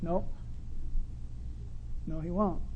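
A male pastor preaching a sermon in a conversational, humorous way, full of rhetorical questions and swinging between loud and quiet. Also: on the high side, fairly even intonation, extremely slow, dull audio, slight background noise.

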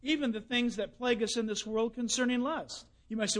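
A man preaching a sermon, telling folksy stories and swinging between loud bursts and hushed asides. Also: very high voice, lively intonation, fast.

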